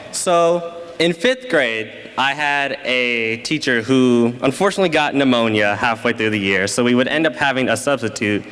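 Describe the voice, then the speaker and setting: A man's voice: medium pitch, a bit bright, in a large hall. A teenage boy telling a funny school story at a live story slam, casual and laughing at himself. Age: teens. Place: school event stage.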